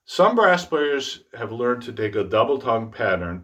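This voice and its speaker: A middle-aged man teaching trombone tonguing in a relaxed, self-deprecating way, speaking out the articulation syllables as he explains them. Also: fairly low pitch, a little slow. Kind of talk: instructional demonstration.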